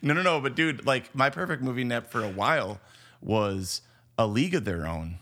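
A man's voice: medium pitch, expressive, moderate pace, sharp tone. A man co-hosting a movie podcast in casual chat, enthusiastic and rambling, full of "like" and restarts. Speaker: podcast co-host.

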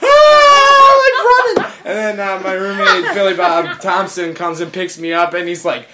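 A man telling a casual, animated story among friends, swearing and acting out the people in it. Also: high voice, moderate pace, heavy background noise. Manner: animated, swearing, acts out voices in anecdotes.

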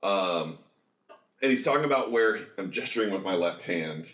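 Enthusiastic low-voiced man in an echoey room. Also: animated, a bit bright. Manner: enthusiastic, rambling, quick asides. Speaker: podcast co-host. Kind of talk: casual chat about a musical.

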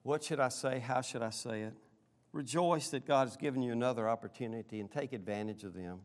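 A middle-aged man preaching a sermon in a middle-pitched voice. He speaks earnestly, lifting his voice to stress key lines and dropping quiet for stories and asides. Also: brisk. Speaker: pastor.

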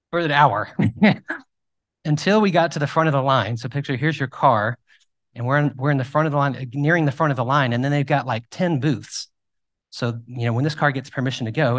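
A man preaching a sermon, telling self-deprecating personal stories in a conversational, animated way. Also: medium pitch. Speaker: pastor.

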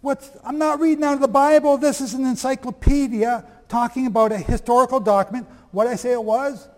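A man teaching a lively sermon, reading aloud from old texts and firing questions at his audience. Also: very high voice, brisk, big-room sound. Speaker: preacher.

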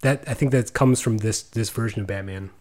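A man's voice: on the low side, fairly quick, a little mellow. A man co-hosting a podcast, talking thoughtfully in a casual chat, often restarting his sentences. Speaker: podcast co-host.

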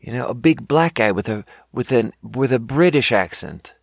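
A man's voice: medium pitch, expressive, moderate pace, vocal fry, no echo, studio quality. A young adult man ranting in a casual podcast chat, exasperated and profane, rambling with many fillers. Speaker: podcast host. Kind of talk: casual rant.

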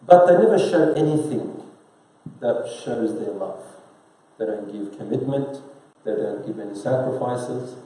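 A man delivers a sermon in an easy, conversational tone, asking his listeners questions along the way. His voice is dark and mellow. It rings out through a very reverberant room. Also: medium pitch, lively intonation, a little slow. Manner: conversational preaching with rhetorical questions to the congregation; quotes scripture in Arabic then explains it in English. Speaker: preacher. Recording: very echoey room.

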